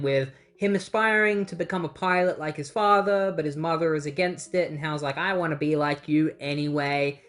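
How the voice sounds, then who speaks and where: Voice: mid-range voice, fairly bright tone. A host retelling a comic book story in a casual way, often slipping into quoted lines of dialogue. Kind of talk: casual recap narration.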